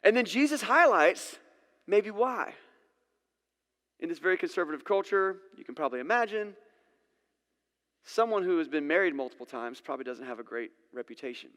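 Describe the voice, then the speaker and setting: A man's voice: high-pitched, animated, normal speed, pauses often, fairly bright tone. A man preaching a sermon in a casual, conversational way, acting out the scenes he retells. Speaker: pastor. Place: church sanctuary. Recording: long church-hall reverb.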